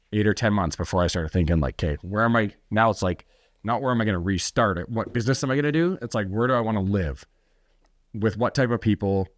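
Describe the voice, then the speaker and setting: A man's voice: low voice, dry recording, clean studio sound. A man telling his story as a podcast guest, blunt and intense, swearing freely and often restarting his sentences. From United States. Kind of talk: candid storytelling in a conversation.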